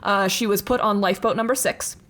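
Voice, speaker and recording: A woman's voice: medium pitch, fairly even intonation, brisk, fairly bright tone. A young woman co-hosting a podcast, telling a history story in a casual, chatty way with lots of fillers and laughs.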